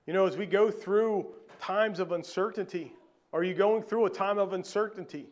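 A man's voice: high-pitched, normal speed. A middle-aged man preaching a sermon as pastor, with many fillers and repeated starts.

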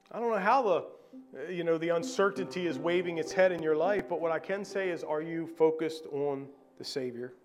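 A middle-aged man preaching a sermon as pastor, with many fillers and repeated starts. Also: high-pitched.

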